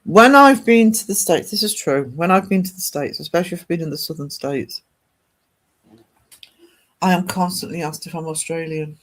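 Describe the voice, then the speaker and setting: A man's voice: a little high, moderate pace, fairly bright tone. A man, hosting a casual art livestream and chatting rambly with viewers.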